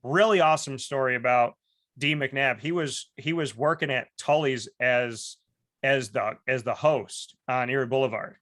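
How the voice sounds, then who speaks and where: A man hosting a casual talk show, telling stories in an animated way and acting out the voices of the people in them. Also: medium pitch, moderate pace, no echo, clean studio sound. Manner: animated storyteller, acts out quoted voices, many restarts. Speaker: host. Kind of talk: casual storytelling chat.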